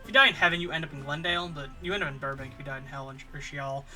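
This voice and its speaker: A man's voice: a little high, steady tone, very fast, pushed and bright, faint music behind. A man telling a rambling, improvised absurd story, stumbling through fillers and restarts. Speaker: comedy channel host.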